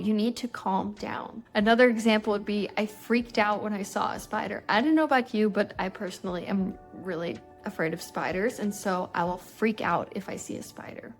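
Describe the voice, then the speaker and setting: A woman with a slightly high voice teaches English in a relaxed, chatty way. She slows right down to model each example sentence, then speeds back up to explain. Faint background music plays under her voice. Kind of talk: casual online English lesson.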